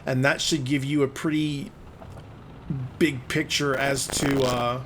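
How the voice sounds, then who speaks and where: A man at an ordinary middle pitch talks through a recorded match as gameplay commentary. His manner is conversational and explanatory, and he is plain-spoken about his own frustration. A faint ambient hum sits behind the voice. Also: flat delivery, takes it slowly. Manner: conversational, explaining play as it unfolds. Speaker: gaming video host.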